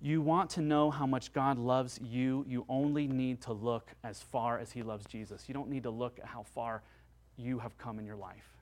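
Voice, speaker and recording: A male pastor preaching a sermon in an earnest way, moving between hushed and loud passages. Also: medium pitch, steady tone, moderate pace.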